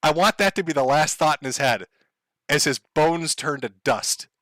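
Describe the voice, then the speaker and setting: A man's voice: fairly high pitch, normal speed, bright, forceful tone, no echo. A man rambling sardonically through a casual livestream monologue, swearing freely and laughing often. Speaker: streamer.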